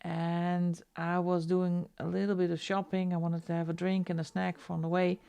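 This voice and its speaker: A woman's voice: on the low side, completely flat delivery, moderate pace, gravelly, mellow, clean tone. A Dutch woman with a Dutch accent chatting casually with her viewers while she colours on a live stream, often laughing. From Netherlands. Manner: chatty, laughs often, reads chat aloud.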